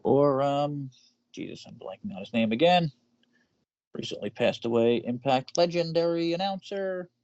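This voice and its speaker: Male podcast co-host, lively and profane, dry dull lo-fi mic. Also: moderate pace, no room sound. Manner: animated, swearing, jumps in pitch when excited. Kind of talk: casual podcast chat.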